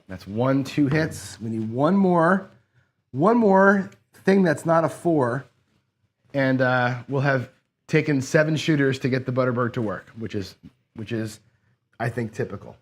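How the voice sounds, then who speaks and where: A man hosting a craps strategy session, talking viewers through each roll and payout in a casual, running commentary. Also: mid-range voice. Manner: talks to camera while rolling dice, counting payouts aloud; excitable bursts when a roll goes his way. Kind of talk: casual play-along commentary.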